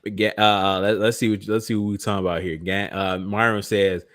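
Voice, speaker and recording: Hyped up guy reacting to clips, lowish voice, dry sound, keeps saying bro and this is wild. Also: fairly quick, few pauses, no room sound. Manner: excitable, repeats himself, slangy. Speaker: fan channel host. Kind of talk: casual reaction commentary.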